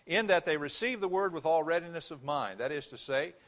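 Emphatic preacher, man with higher voice. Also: animated, a little fast. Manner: emphatic, swings between loud stresses and quiet asides. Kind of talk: sermon. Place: church.

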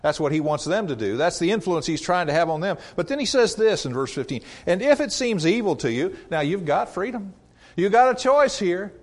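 A man's voice: expressive, fairly quick. A man preaching a sermon in a conversational way, asking rhetorical questions and rising and dropping his voice for emphasis. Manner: varies pitch and loudness widely for emphasis.

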